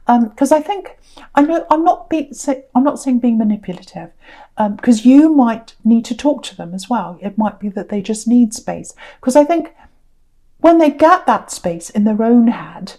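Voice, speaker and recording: A woman giving a casual spoken tarot reading, chatty and rambling with many ums and restarts, offering gentle reassuring advice. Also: a little high, animated, normal speed. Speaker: tarot reader.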